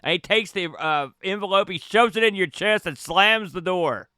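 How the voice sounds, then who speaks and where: Male game master, high animated voice, bright tone, dry close mic. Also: normal speed, clean tone, no echo. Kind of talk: narrating a tabletop game.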